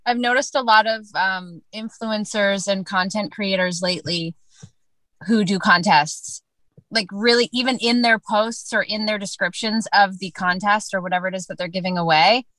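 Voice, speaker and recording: Woman, talk-show regular: bright, punchy, dry close sound, playful storyteller. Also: medium pitch, normal speed, no echo, low-quality recording. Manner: lively storyteller, playful and teasing. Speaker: radio show co-host. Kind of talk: casual chat.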